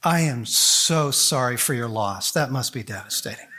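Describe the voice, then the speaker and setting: A grown man's voice, playful and teasing, in a lighthearted sermon retelling. A preacher acts him out, pitching his voice lower than his own, breezy and mock-sorry. It sounds like a friend brushing someone off with a wink. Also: animated, normal speed, sharp tone, slight background noise. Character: playful risen Jesus, adult man, teasing friends.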